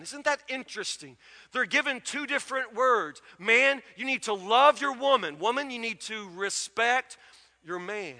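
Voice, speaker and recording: Pastor, a man, folksy and emphatic in his sermon; very high-pitched voice, echoing through a big hall. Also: lively intonation, normal speed, bright, forceful tone. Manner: folksy storytelling preacher, emphatic repetition. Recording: long reverb of a large hall.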